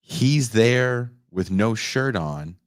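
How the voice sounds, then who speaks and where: A man in his forties, a podcast host, retelling a movie in casual chat with animated, profane storytelling. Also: mid-range voice, extremely slow, dry recording, studio quality. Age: 40s. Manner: animated, profane storytelling that acts out quoted lines.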